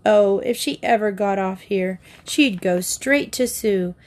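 Woman reading a kids' book out loud, slow and calm. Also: mid-range voice. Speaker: audiobook narrator. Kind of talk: storybook narration.

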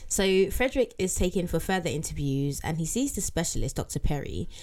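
A woman's voice: lowish voice, very animated, fairly quick, darkish tone. A woman podcast co-host chatting casually and recapping a documentary's plot, acting out short quotes as she goes.

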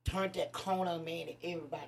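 A woman from Tennessee tells her stories with lively emphasis, her voice gravelly and edged with fry. She sits a little back from the microphone, so she sounds somewhat distant. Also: on the low side, fast talker, crowd noise. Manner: lively, emphatic, frequent laughter and rising exclamations. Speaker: guest, nonprofit activist. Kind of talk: animated storytelling in casual chat.

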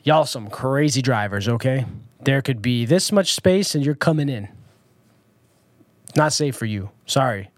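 A man from Southern California recounts his day in a loose, personal vlog, pausing often on ums and circling back over his words. His pitch sits in the middle, and the dry, close recording has no room sound. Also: animated, no echo. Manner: rambling, many ums and restarts. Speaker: vlogger.

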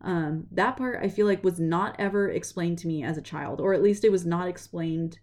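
A woman's voice: fairly low pitch, moderate pace, darkish tone. A woman casually retelling a story in a rambling way, leaning on "like" and "you know", earnest and reflective. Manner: chatty, rambling, heavy use of "like" and "you know".

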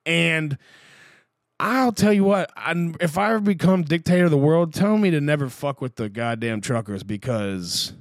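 Guy rambling on his podcast, swears a lot, says like constantly, kinda high voice. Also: animated, moderate pace, dry recording, studio quality. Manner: profane, rambling, lots of "like" fillers. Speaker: podcast host. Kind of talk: casual podcast chat.

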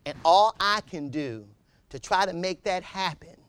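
A male preacher delivering an impassioned sermon, rising to shouts and calling out to his congregation. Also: high-pitched, a little slow, clean tone.

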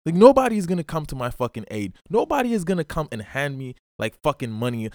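A man's voice: fairly high pitch, sing-song, brisk, few pauses, a little mellow, no room sound, studio quality. A man hosting his own podcast, giving a blunt, profane motivational monologue and repeatedly calling the listener bro. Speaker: podcast host.

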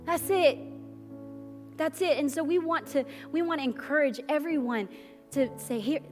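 A woman's voice: high voice, normal speed, darkish tone. A woman preaching a sermon in a fervent, exhorting way, often repeating phrases for emphasis. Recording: long reverb with faint music behind. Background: faint instrumental music.

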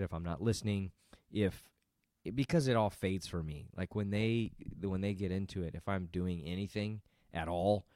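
Middle-aged dad vlogging, real low voice, dry close sound, rambly and jokey. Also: male voice, no echo. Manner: rambling, self-interrupting, with joking asides. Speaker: father vlogging about parenting. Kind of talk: casual unscripted monologue.

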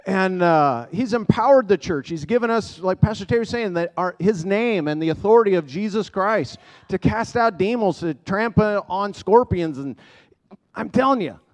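A man's voice: sits high, animated, normal speed. A man preaching in a church, speaking in an encouraging, preacherly way. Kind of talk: church sermon. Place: church sanctuary.

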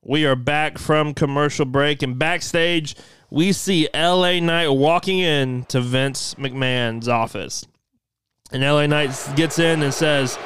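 A man's voice: fairly high pitch, unhurried, fairly bright tone, a little hiss or hum. A man narrating a wrestling show play-by-play in an eager manner, often stumbling and restarting.

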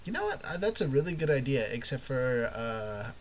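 A man's voice: medium pitch, big pitch swings, moderate pace, a crowd in the background. A man hosting a casual podcast lesson on worldbuilding, rambling and often asking "you know what I mean". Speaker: podcast host teaching worldbuilding.

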